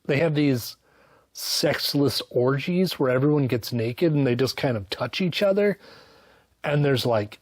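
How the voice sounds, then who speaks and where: Man, casual book review, sarcastic and swearing, mid pitch, dry close sound. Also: animated, no echo. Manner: sarcastic, profane and joking, with quick mock-voiced asides. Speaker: book reviewer, channel host.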